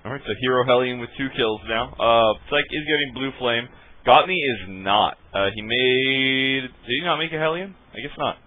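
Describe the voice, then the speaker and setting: A man calls a live strategy game match in easygoing banter, with a middling voice that is neither high nor low. He laughs often and curses offhandedly. The sound is thin and tinny, like it came over a phone line. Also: normal speed. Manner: laid-back, laughs often, swears casually. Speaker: esports caster. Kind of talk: casual live game commentary. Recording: tinny phone-like stream audio.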